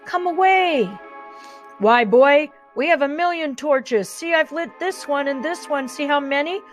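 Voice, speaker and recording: A woman's voice: sits high, a little slow, faint music behind, voice pushed up. A woman voicing an eager old grandfather in a storybook reading. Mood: excited. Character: excited old grandfather lighting torches.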